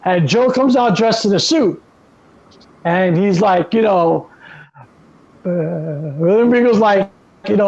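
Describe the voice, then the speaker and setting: A man co-hosting a wrestling podcast, recapping shows in animated, profane storytelling. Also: high voice, slow pace, gravelly, pauses often, muffled recording. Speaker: podcast co-host. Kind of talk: casual wrestling chat.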